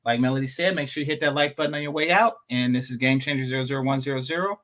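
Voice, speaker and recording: A man hosting a casual livestream panel, talking in a relaxed way with lots of "um"s and restarts. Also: medium pitch, rapid-fire. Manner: relaxed, hesitant with many fillers. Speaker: host.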